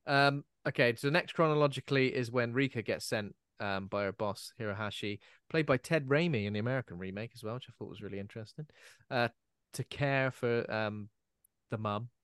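A man's voice: medium pitch, fairly quick, fairly bright tone, clean tone, dry recording, clean studio sound. A man co-hosting a podcast, recapping a film plot in a jokey way with lots of fillers. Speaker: podcast co-host. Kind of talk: casual podcast chat.

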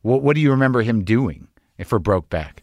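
A man's voice: mid-range voice, animated, brisk, darkish tone, no echo. A man hosting a casual conversation, rambling loosely and swearing as he tells stories. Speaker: host, actor.

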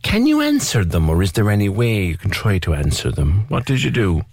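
A male radio host with a low voice and lively, swinging intonation asks a caller gentle, probing questions. He sounds close and dry, recorded in the studio. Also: fairly quick, breathy edge, no room sound. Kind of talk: call-in radio interview.

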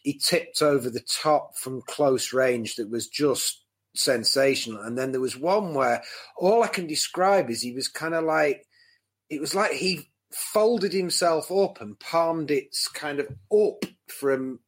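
A man's voice: on the high side, slightly rough. A man on a football podcast panel, going through the play in careful detail. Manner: detailed, measured analysis. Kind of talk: casual football podcast chat.

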